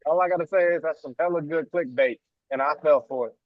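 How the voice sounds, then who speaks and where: A man co-hosting a reaction video, chatting casually with relaxed, slangy banter. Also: on the high side, fast talker, dry recording, highs cut off.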